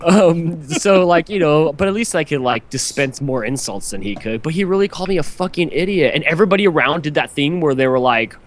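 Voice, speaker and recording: A man's voice: fairly high pitch, expressive, a little fast, few pauses. A man on a podcast telling a long story in a rambling, profane way, full of "like" fillers. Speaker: podcast host. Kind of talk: casual storytelling chat.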